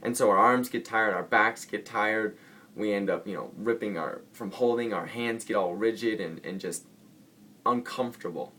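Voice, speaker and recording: A man's voice: lowish voice, normal speed, pushed and bright. A man vlogging casually about spiritual ideas. He rambles playfully and often corrects himself mid-sentence. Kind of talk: casual spiritual talk to camera.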